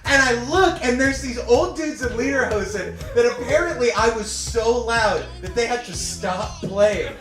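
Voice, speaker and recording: A man in his twenties telling a comic story live on stage, animated and laughing as he goes. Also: very high voice, moderate pace, hardly any pauses, far from the mic, over music. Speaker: comedian. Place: stage in a venue. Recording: roomy live stage recording from afar.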